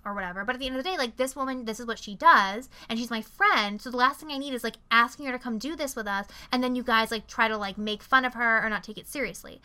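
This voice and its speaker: Bright, lively young woman, swears a lot. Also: on the high side, quick pace, few pauses, clean tone. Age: young adult. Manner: profane, animated retelling with acted-out quotes. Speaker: podcast co-host. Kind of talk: casual chat reviewing a movie. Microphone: video call.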